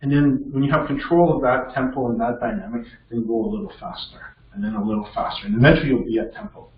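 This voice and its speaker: A man's voice: medium pitch, animated, fast, vocal fry. A man coaching a piano student in a masterclass, encouraging and checking in often with "okay?". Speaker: piano teacher leading a masterclass. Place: music studio indoors with a piano. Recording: distant, roomy and dull with piano behind.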